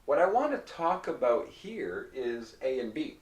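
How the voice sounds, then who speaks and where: Male english teacher, slow deliberate delivery, patient, roomy echo, a bit off-mic. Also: mid-range voice, very animated, distant mic. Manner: patient, repeats words and checks in with "okay?". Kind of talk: slow, explanatory whiteboard lesson.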